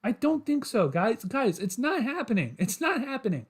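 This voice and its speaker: A man's voice: very high-pitched, very animated, moderate pace, slightly rough. A man hosting a solo sports podcast livestream, talking to his chat in a frustrated, repetitive rant.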